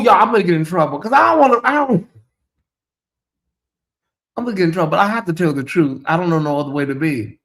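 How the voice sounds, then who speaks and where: A man giving casual livestream commentary, dramatic and teasing, talking straight to his chat. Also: sits high.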